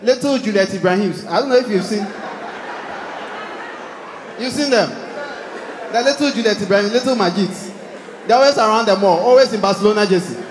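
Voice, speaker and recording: A young Ghanaian man with a Ghanaian English accent doing animated stand-up comedy, acting out characters with shouts. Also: high-pitched, brisk, pauses often, roomy sound, big-room sound, crowd noise, background noise. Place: large hall with live audience.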